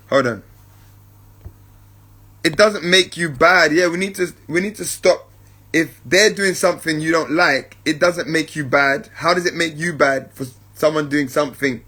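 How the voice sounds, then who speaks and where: A man's voice: on the high side, bright, forceful tone, slightly rough. A man hosting a spiritual podcast, talking reflectively and checking in with his listeners, whom he calls family. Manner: keeps checking in with listeners, addresses them as family; unhurried, repeats points for emphasis. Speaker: podcast host.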